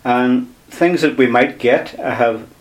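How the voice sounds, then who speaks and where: A man's voice: medium pitch, slow. A man teaching a language lesson on air, explaining patiently step by step and repeating key words.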